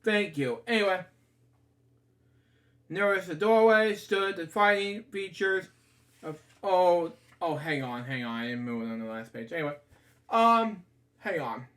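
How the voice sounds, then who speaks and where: A man's voice: high-pitched, animated, measured pace, pauses often, fairly bright tone. A man casually reading a children's picture book aloud, often stumbling, stopping to comment and apologizing to his listeners. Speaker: storybook reader.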